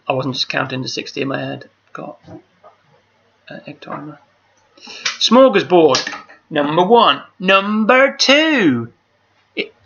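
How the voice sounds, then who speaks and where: Medium-pitched and gravelly, his voice comes across bright and forceful as he runs a charity quiz over video call. He chats and rambles, repeating each question, through muffled lo-fi audio.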